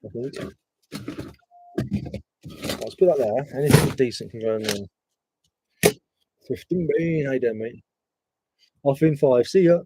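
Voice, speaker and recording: This man has a mid-range voice and a measured pace broken by long pauses, with heavy noise in the background. He's a reseller streamer sorting his listings, rambling casually, swearing, and bantering with viewers in a relaxed live-stream chat.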